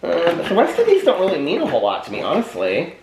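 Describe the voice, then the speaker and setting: A man vlogging casually to his viewers, chatty and animated, often asking them if they can see what he holds up. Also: a little high, fast, reverberant, background noise. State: out of breath. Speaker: vlogger showing old Christmas keepsakes. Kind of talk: casual chat to camera.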